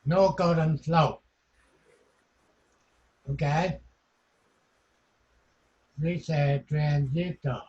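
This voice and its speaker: Slow-speaking male electronics teacher. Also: a little high, fairly even intonation, darkish tone, lo-fi sound. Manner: halting, repeats short phrases, non-native grammar. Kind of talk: classroom lecture.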